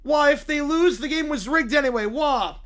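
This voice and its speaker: A woman's voice: sits high, normal speed, pitched above the performer's own voice, natural voice. A man voicing a sobbing young woman baker with a put-on British accent, wailing as she talks. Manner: wailing, tearful "wah" sobs.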